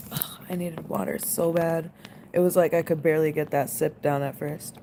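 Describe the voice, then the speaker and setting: A creaky, low voice at moderate pace comes through a noisy background. The speaker, an American woman in her 20s, hosts a late-night stream, chatting and rambling relaxedly with viewers and saying "like" a lot.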